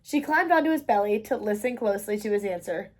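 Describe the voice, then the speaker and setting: A woman from the United States reading a children's picture book aloud, expressive and sing-song. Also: mid-range voice, fast talker. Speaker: children's book reader, channel host. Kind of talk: read-aloud storytelling.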